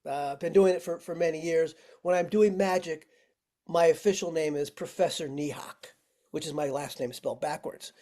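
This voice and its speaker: A man's voice: a little high, steady tone, normal speed, warm tone. A man teaching firefighters over a video call, friendly and walking through simple tricks step by step. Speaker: firefighting instructor. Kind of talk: virtual training lesson.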